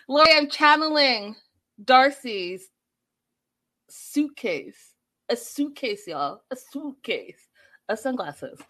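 A woman in her thirties chatting casually to her viewers as she recaps a reality show, animated and talking straight to them. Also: high-pitched, slow pace, pauses often.

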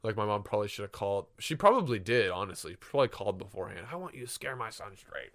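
A young man, podcast co-host, telling lively childhood stories in casual chat, often laughing and saying "like". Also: on the low side, fast talker, no room sound, studio quality. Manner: animated, laughing storyteller, many "like"s.

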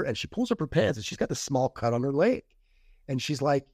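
A man's voice: medium pitch, lively intonation, fast, a little mellow, dry recording. Male podcast guest, casual storyteller, mid-range voice, dry close sound. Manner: rambling retelling with quoted dialogue and restarts.

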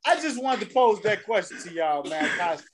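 A man's voice: sits high, very animated, normal speed, over a noisy crowd. A man co-hosting a podcast, telling a long, profane story in casual banter. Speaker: podcast co-host.

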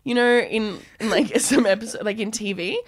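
A woman's voice: a little high, moderate pace, breathy edge. A woman co-hosting a podcast, chatting casually, riffing on jokes and laughing often. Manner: giggly, animated, riffs on jokes. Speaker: podcast co-host. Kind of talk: casual chat.

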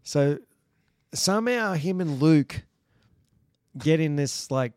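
Recorded at studio quality with no room sound, an Australian-accented podcast guest, a retired bull rider, tells rambling anecdotes full of false starts and chuckles. His voice is a little high and a little mellow, animated but unhurried.

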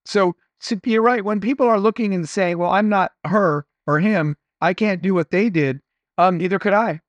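A middle-aged man with a notably high voice speaks as an interview guest, earnest and anecdotal as he shares motivational lessons. The sound is dry and close, with no room around it. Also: normal speed, no room sound, highs cut off. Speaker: entrepreneur guest. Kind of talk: conversational interview storytelling.

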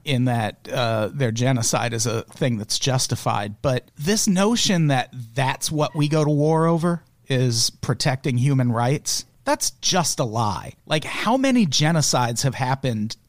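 A man's voice: mid-range voice, animated, a little slow, few pauses, no room sound, studio quality. A man hosting a casual comedic news podcast, sarcastic and profane, laughing as he talks. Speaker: podcast host.

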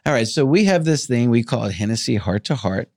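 A man's voice: medium pitch, animated, a little fast, creaky, a little mellow, no room sound, studio quality. A middle-aged man hosting an interview show, chatting enthusiastically and tagging sentences with "right?". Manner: enthusiastic, peppers speech with "right?". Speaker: podcast host. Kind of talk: casual chat.

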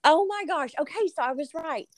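A woman hosting a podcast, chatty and excitable, rambling through stories with her guest. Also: sits high, normal speed, no echo. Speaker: podcast host. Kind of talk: casual interview chat.

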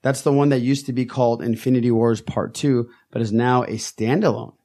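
A man's voice: medium pitch, steady tone, a little fast, warm tone. Male podcast co-host, casual banter, jokey delivery, reads news bits. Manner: joking, reads news items aloud.

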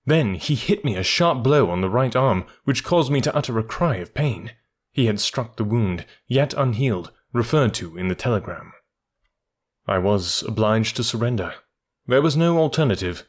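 A man reading a first-person story aloud in a measured, even narration. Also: on the low side. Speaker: audiobook reader.

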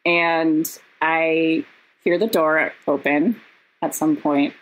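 A woman, a podcast guest and actress, telling stories in casual chat, animated and laughing, with quick asides. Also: deep voice, poor audio. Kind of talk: casual storytelling.

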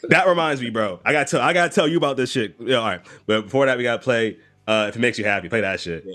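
A man's voice: mid-range voice, rapid-fire, a bit bright. A man co-hosting a casual chat, telling rambling stories with frequent laughs and restarts.

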